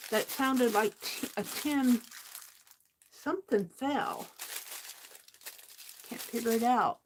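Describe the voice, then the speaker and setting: Slow-talking, chatty woman livestream host. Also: a little high, a little hiss or hum. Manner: chatty, thinks aloud and talks to viewers. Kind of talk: casual chat while crafting on livestream.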